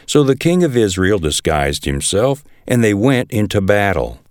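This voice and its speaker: Low-voiced man reading scripture. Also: sing-song, moderate pace, a little mellow, no room sound, clean studio sound. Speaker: scripture reader.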